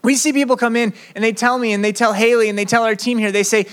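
A young man preaching a sermon as a campus pastor, animated and acting out prayers in quoted voices. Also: extremely high pitch, fast talker, hardly any pauses, clean tone. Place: campus ministry room.

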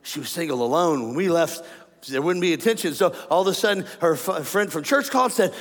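Animated high-voiced man preaching in a hall. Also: fairly quick. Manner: animated, joking, laughing with congregation. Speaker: pastor. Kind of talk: sermon. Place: large church auditorium. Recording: long hall reverb, faint ambience.

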